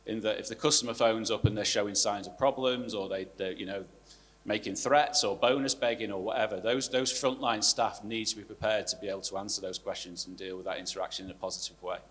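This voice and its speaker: A man speaking as a panelist in a live discussion, brisk and repeating words as he restarts. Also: lowish voice, fairly even intonation, fairly bright tone. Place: hall at a live panel event.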